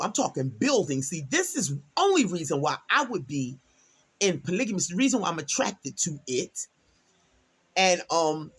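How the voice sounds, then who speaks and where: Speaking at a moderate pace in a lowish, slightly rough voice, a middle-aged woman from Delaware shares a personal story vlog-style. Her delivery is lively and conversational, with quoted lines acted out through emphatic exclamations.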